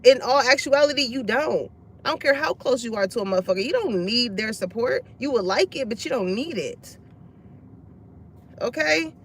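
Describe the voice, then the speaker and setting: Woman, high voice, casual tarot reading, profane, blunt, laughs a lot. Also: rough recording. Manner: blunt, profane, laughs often, acts out others' lines. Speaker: tarot reader. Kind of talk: casual spoken reading to viewers.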